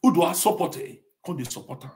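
A man's voice: a little high, animated, quick pace. A man with a Nigerian Pidgin accent hosting a show, ranting dramatically and raising his voice. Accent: Nigerian Pidgin English. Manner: fiery, shouting, dramatic. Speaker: host. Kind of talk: live show commentary.

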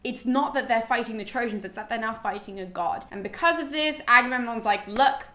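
A young woman recapping a classic book in a relaxed, chatty way, tossing in playful, slangy asides. Her voice sits a bit high, and the recording has a roomy echo around it. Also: brisk. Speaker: podcast host summarizing a classic. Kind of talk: casual book recap chat. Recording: echoey room.

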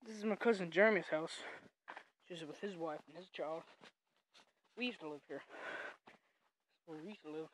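A young woman with a Southern US accent, walking around her family farm outdoors, rambling and excitedly calling to her animals while filming on a handheld phone. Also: low voice, moderate pace, pauses often, a little hiss or hum, low-quality recording. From North Carolina, USA. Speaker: vlogger. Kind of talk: casual walking vlog.

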